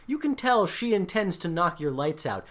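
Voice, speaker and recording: Male dungeon master, lively, expressive narration for a live-streamed tabletop game. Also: high voice, moderate pace. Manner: animated, swings from hushed narration to loud excitement.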